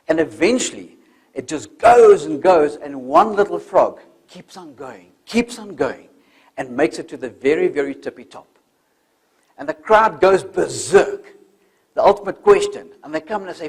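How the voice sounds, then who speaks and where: An older man giving a motivational talk, telling stories in an animated way and acting out voices. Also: fairly high pitch, moderate pace, slightly rough. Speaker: motivational speaker.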